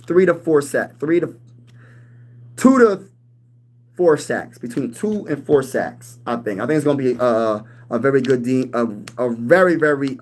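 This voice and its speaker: A man in his thirties hosts a casual live-streamed football talk show. He talks in hyped, slangy bursts, firing back at the chat with a voice that sits a bit high for a man. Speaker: sports channel host.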